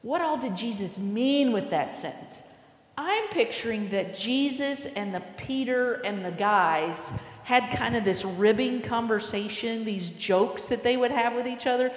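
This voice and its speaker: A woman preaches a sermon in an echoey hall with long reverb, telling an imaginative story and putting questions to her listeners. Her voice is fairly high and expressive, at a measured pace.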